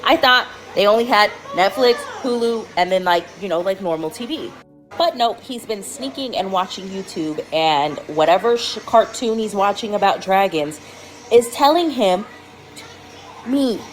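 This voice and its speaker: A woman's voice: medium pitch, lively intonation, moderate pace, soft background music, rough recording. A woman, a mother, telling a story to camera in an alarmed, emphatic way.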